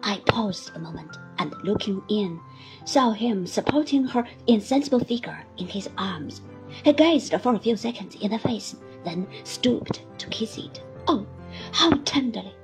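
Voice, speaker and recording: A woman reading a classic novel aloud, with dramatic shifts between loud passages and whispers, over faint music. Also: mid-range voice, lively intonation, measured pace. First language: Chinese. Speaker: audiobook reader.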